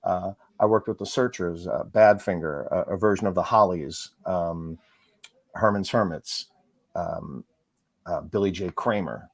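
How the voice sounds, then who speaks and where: A middle-aged man, a musician and author, chatting as an interview guest, rambling quickly through stories with lots of fillers. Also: low-pitched, dry recording. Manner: fast, rambling storyteller with frequent fillers. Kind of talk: casual interview chat.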